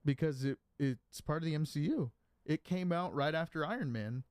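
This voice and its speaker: A man's voice: on the high side, moderate pace, darkish tone, smooth, no room sound, clean studio sound. A man co-hosting a casual pop culture podcast, joking and sarcastic, with many fillers. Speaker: podcast co-host.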